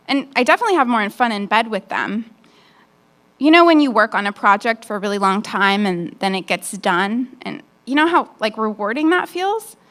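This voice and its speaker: A woman's voice: fairly high pitch, fairly bright tone. A woman performing a stand-up comedy set on a nightclub stage into a handheld mic, with a brash, frank, conversational delivery.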